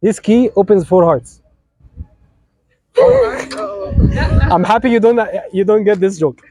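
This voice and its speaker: A man's voice: high-pitched, slow, mellow, poor audio. A man with an Egyptian accent officiating a wedding, giving a playful sermon and teasing the couple as he talks to them directly.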